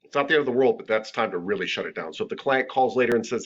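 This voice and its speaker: A man's voice: medium pitch, very fast, few pauses. A man teaching a massage therapy class in a casual, joking, conversational lecture. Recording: dull lo-fi lecture recording.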